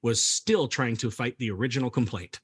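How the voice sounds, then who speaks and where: A man's voice: medium pitch, fairly quick, fairly bright tone, slightly rough. A man hosting a comedy podcast who reads researched facts aloud and laughs easily. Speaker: podcast host presenting the story.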